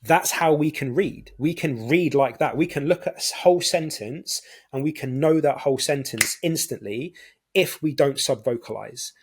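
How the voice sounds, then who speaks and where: A man's voice: fairly high pitch, moderate pace, breathy edge. A man with a British accent, a podcast guest in casual conversation, explaining ideas with everyday examples. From United Kingdom.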